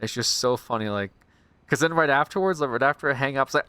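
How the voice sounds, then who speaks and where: A man's voice: medium pitch, quick pace, sharp tone, clear, resonant tone, no echo. A young man, a streamer, chatting casually in a rambling way, swearing freely. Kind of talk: casual chat.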